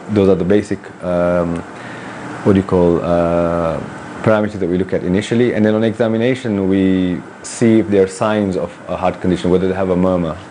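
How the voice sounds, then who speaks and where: A man working as a children's heart doctor in a hospital, explaining a condition in a measured way and often pausing with fillers. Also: deep voice, warm tone, a little hiss or hum. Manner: measured, hesitant with many fillers. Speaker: pediatric cardiologist. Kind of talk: explaining to camera. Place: hospital in Kenya.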